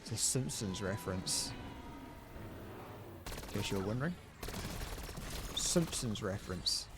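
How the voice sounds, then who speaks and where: Animated British man streaming a game. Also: lowish voice, unhurried, over music. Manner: chatty, thinks aloud, hums tunes while playing. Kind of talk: live gameplay commentary.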